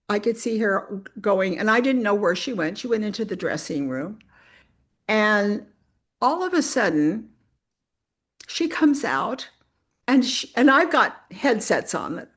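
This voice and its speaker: A woman's voice: medium pitch, husky. A woman, a church missionary, sharing a personal testimony story in an earnest way and speaking straight to her listeners. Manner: earnest, addresses listeners directly as "you guys"; animated retelling with spirited voiced quotes.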